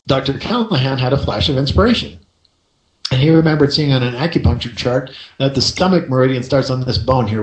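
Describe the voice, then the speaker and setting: A man hosting a coaching radio show, telling a story in a lively way and checking in with the listener by asking "right?". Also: medium pitch, roomy sound, low-quality recording.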